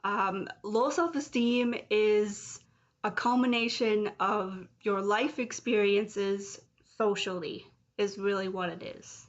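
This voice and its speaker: In a personal vlog, a woman in her late 30s speaks slowly at a medium pitch, raw and emotional, confessing with flashes of anger. The recording has a dull, lo-fi sound.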